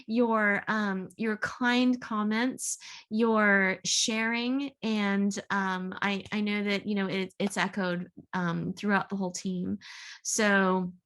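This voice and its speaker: A woman giving closing thanks to an online workshop over a video call, pausing often to find her words. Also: mid-range voice. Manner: warm thanks with frequent hesitations. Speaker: workshop presenter.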